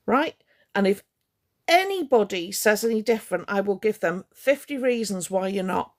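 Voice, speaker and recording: A woman's voice: medium pitch, expressive, moderate pace. A woman ranting on a live stream to her viewers, indignant and confrontational, hammering her points home by repeating them.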